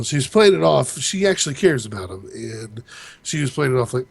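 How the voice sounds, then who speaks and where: A man hosts a relaxed talk show and retells an episode in a loose, rambling way. His voice sits at an ordinary middle pitch. The sound is dry and close to the mic. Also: brisk, creaky, dry recording. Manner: rambling recap with laughs, quoting characters loosely. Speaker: podcast co-host recapping TV. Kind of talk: casual chat.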